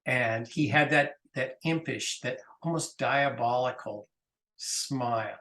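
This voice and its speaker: A man's voice: medium pitch, takes it slowly, a bit bright. A man, a guest in an interview, reminiscing in an easygoing way. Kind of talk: casual interview chat. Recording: roomy echo.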